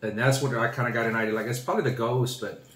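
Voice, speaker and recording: A man from Texas in his forties, co-hosting a family channel and telling a story in relaxed, rambling casual chat. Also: medium pitch, rapid-fire. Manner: relaxed, rambling, short agreeing replies. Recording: echoey room.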